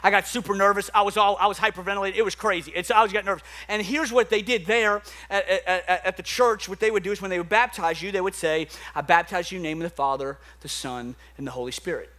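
The pastor's voice sits high and sounds bright and forceful, moving quickly with few pauses. Addressing the congregation in the sanctuary, this young man repeats words as his emphatic sermon builds.

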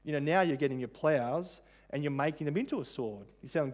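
Man preaching in a slightly high voice. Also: brisk. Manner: conversational, with frequent fillers and rhetorical questions. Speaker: pastor. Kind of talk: sermon.

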